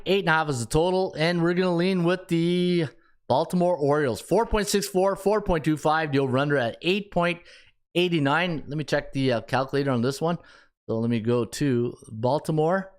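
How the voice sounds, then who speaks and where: A man's voice: fairly high pitch, clear, resonant tone. A man with a Canadian accent hosting a sports betting podcast, chatting casually, thinking aloud and joking with himself as he works through the numbers.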